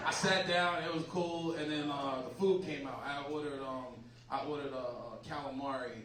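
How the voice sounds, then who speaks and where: A man's voice: on the high side, steady tone, moderate pace, heavy background noise. A man doing a brash, profane stand-up set in a comedy club, teasing the crowd. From Massachusetts. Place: comedy club stage before a laughing audience. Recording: echoey club sound from a distant mic.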